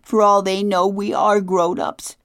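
A woman voicing a young girl who is upset and tearful, her voice rising high and breaking. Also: level tone, unhurried, smooth, no room sound, studio quality, close to an everyday voice.

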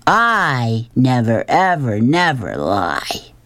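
A woman's voice: very deep voice, wildly swooping pitch, drawn-out words, fairly bright tone, no room sound, full character voice. A woman voicing a cheeky, cynical young boy, teasing and sing-song.

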